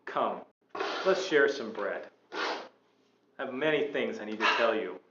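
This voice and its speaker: A man playing an earnest, gentle apostle. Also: fairly low pitch, lively intonation, takes it slowly, heavy background noise. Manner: earnest, consoling, preaching. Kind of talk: church skit acting. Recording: roomy, slightly dull recording with faint ambience.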